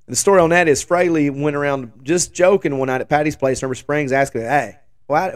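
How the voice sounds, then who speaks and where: A man in his forties with a hoarse voice after the flu, telling a rambling, joking story as a show host. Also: a little high, a little fast, dry recording, clean studio sound. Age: 40s. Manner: rambling, self-deprecating, joking asides. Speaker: podcast host. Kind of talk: casual storytelling chat.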